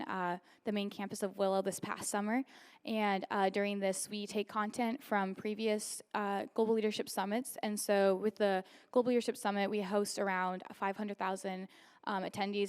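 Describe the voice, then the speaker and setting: Smooth-voiced woman hosting an event. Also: mid-range voice. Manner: rushed, filler-heavy explaining. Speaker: event host. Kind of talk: introducing a program.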